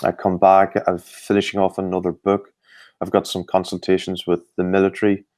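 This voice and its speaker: Deep-voiced Irish man, measured. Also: completely flat delivery, darkish tone, no room sound. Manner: measured, explanatory, frequent fillers. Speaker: performance coach, guest. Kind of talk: interview answers.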